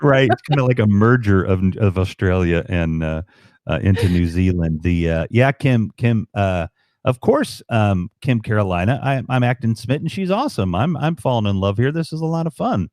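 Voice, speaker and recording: A man on a late-night livestream, rambling and excited, with many ums, tired and up past his bedtime. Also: on the low side, moderate pace, no echo, studio quality. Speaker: guest on livestream. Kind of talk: casual chat.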